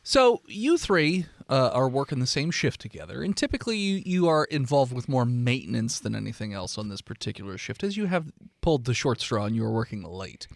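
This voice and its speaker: A man's voice: mid-range voice, sing-song, a little fast, creaky, no echo. A man narrating as game master in a loose, chatty way for a comedy tabletop game. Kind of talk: improvised comedy role-play.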